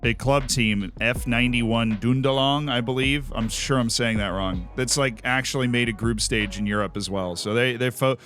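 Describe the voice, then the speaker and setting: A young American man streaming live, chatting casually and answering viewer messages with animated, joking replies and quick restarts. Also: mid-range voice, soft background music. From United States.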